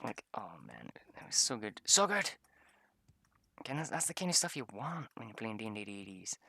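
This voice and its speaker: A man's voice: fairly low pitch, animated, fast, pushed and bright, no echo. A man telling a rambling story about a tabletop game session, swearing often and laughing a lot. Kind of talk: casual storytelling.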